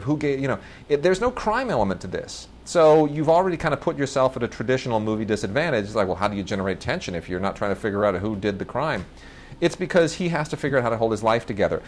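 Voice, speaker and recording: A man's voice: medium pitch, animated, fast talker, a little hiss or hum. A man co-hosting a casual movie review chat, enthusiastic and rambling, often restarting and correcting himself mid-sentence. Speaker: film review co-host.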